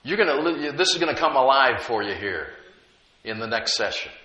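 Guy preaching a sermon, bright voice, pitch all over the place, slows way down on key words, chuckles at his own jokes. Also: big pitch swings, reverberant, highs cut off.

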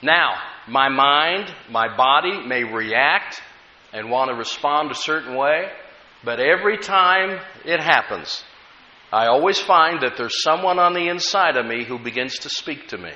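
A man's voice: mid-range voice, lively intonation, measured pace, sharp tone. An American man preaching a sermon as pastor, telling stories with rising emphasis. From United States. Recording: echoey room, dull lo-fi sound.

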